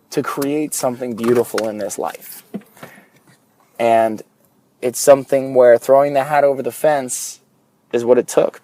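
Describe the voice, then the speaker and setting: A man's voice: mid-range voice, mellow. A young man hosting a podcast, talking earnestly and candidly while driving to work, with a curse now and then. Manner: earnest, candid, occasional swearing. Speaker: podcast host. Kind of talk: casual solo podcast monologue. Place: car on a morning commute.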